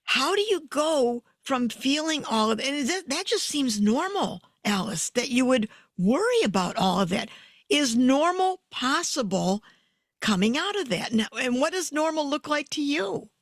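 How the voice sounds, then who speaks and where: A woman interviewer asking probing questions with curiosity, now slowing down, now speeding up. Her voice sits fairly high. The recording is dry and close. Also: big pitch swings, no room sound. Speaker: interviewer host. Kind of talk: interview conversation.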